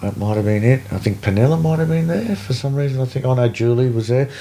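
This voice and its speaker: A middle-aged man with an Australian accent tells a story as a guest, animated and swearing freely, acting out the other people's voices. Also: mid-range voice, fast. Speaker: guest, veteran BASE jumper. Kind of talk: casual storytelling.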